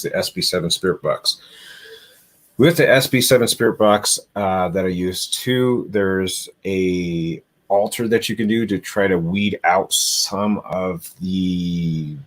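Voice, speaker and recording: Low-voiced man rambling on a livestream. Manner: rambling, easygoing, heavy on fillers; chatty, thanks viewers by name. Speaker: paranormal livestream host. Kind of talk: casual livestream chat. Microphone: computer microphone on a live stream.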